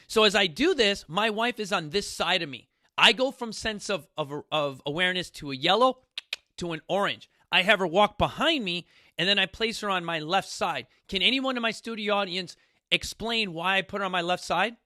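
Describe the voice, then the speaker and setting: Host, male, high bright voice, lively storyteller talking to a studio crowd. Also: moderate pace, no room sound. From New York City. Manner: animated, repeats "you guys", acts out quotes. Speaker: fitness coach hosting a talk. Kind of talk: casual talk to a studio audience.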